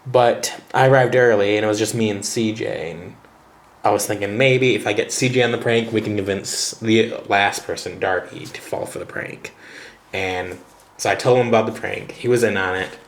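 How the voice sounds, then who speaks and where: A man's voice: fairly low pitch, fairly even intonation, normal speed. A man vlogging in a casual, rambling storytelling style while unboxing cards, chatty with lots of fillers and laughter. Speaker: vlogger and teacher.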